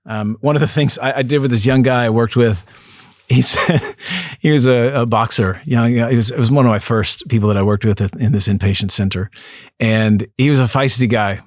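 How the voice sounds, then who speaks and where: A man with a lowish voice talks earnestly and at a measured pace, a psychotherapist reflecting aloud as an interview guest. He restarts phrases now and then. The sound is dry and close, with no room around it. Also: dry recording. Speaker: depth psychotherapist, podcast guest.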